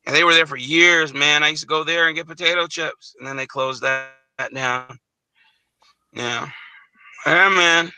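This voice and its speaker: Bright-voiced nostalgic man from Chicago. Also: a little high, no echo, rough recording. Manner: nostalgic, repeats "man" and "great times". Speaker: panel host. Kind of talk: casual live panel chat.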